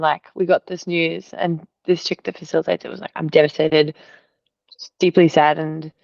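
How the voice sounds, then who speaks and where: Low-voiced young woman rambling on a call. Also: dry recording. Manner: rambling, many fillers like "like". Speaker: artist sharing in a group call. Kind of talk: casual emotional storytelling. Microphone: video call. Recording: dull, lo-fi video call audio.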